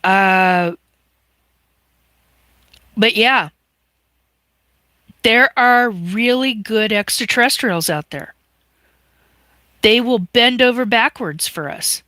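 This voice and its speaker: Slow-talking, choked-up woman streamer. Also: on the high side, sharp tone, no room sound. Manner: tearful, halting, reading out viewer comments. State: choked up, sniffling. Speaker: livestream host. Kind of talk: emotional livestream monologue. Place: home livestream.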